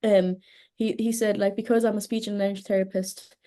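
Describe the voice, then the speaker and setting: A woman's voice: medium pitch, level tone, brisk, warm tone. A German woman whose first language is German, speaking English with an Irish-tinged accent, chatting as an interview guest who laughs easily and jokes about herself. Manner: laughs easily, self-deprecating. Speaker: guest, speech and language therapist. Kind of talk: casual interview chat.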